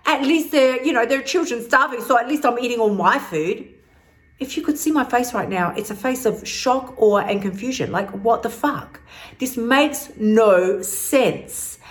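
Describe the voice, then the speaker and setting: A woman talks straight to her listeners in a casual podcast monologue, energetic and cheeky. She is blunt and swears freely, in a middle-pitched voice that jumps up high when she gets worked up. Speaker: host, weight-loss coach.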